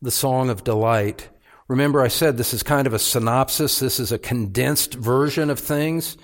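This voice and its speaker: A male pastor preaching a sermon, calling his listeners beloved and rising in pitch and volume on the points he stresses. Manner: rises in pitch and volume for emphasis, slows on key phrases.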